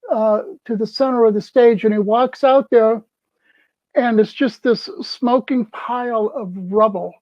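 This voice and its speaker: A man's voice: very high voice, unhurried, no echo. Older man telling a story, dull dry sound. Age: 70s. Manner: animated, acts out quoted people. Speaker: festival crew member. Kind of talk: casual storytelling.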